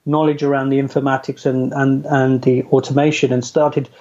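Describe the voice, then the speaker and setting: A man's voice: mid-range voice, flat delivery, moderate pace, a little mellow. A middle-aged man telling his career story as an interview guest, chatty and self-deprecating, laughing often. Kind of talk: casual storytelling. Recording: dull lo-fi audio.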